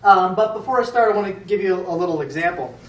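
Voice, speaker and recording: A man giving a conference talk to an audience in a casual, halting way with many fillers and restarts. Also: sits high, expressive, a bit bright. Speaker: conference speaker. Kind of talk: presentation talk with jokes. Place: conference room before an audience. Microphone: far from the mic. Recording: echoey, muffled room recording from a distance.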